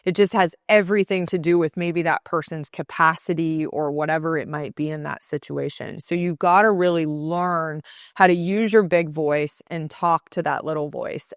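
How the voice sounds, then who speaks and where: A woman, speaking in a slightly low voice. She talks earnestly and conversationally in a solo podcast, with a dry, close recording and no room sound. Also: no room sound. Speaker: podcast host. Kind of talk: solo motivational podcast talk.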